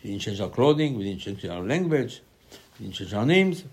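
A man giving a Torah class sermon, animated, asking and answering his own questions, with sudden loud emphasis on key lines. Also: fairly low pitch, normal speed, slight background noise. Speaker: Torah teacher.

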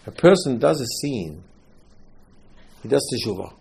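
Animated man teaching a Torah class. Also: mid-range voice, measured pace, vocal fry. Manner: animated storytelling, swings between loud and soft; mixes Hebrew terms into English. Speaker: religious teacher.

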